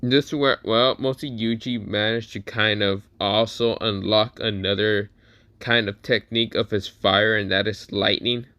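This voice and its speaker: A man's voice: fairly low pitch, steady tone, measured pace, bright, forceful tone, no room sound. A young man hosting a casual, crude, joking fan commentary chat. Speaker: host.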